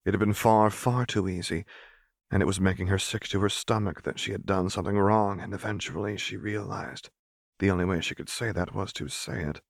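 A man narrating a story as an audiobook reader in a steady, even way. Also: deep voice, a little fast, vocal fry, no room sound, studio quality. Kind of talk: scripted narration.

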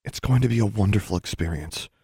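A man's voice: on the low side, quick pace, mellow, breathy edge, no echo, studio quality. Man doing a chirpy, oblivious mother. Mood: reassuring.

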